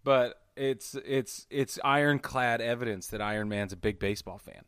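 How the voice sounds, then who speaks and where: A man co-hosting a casual podcast, enthusiastic and quick to laugh. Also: mid-range voice, fairly bright tone, clear, resonant tone, no echo, clean studio sound. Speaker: podcast co-host. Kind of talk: casual chat.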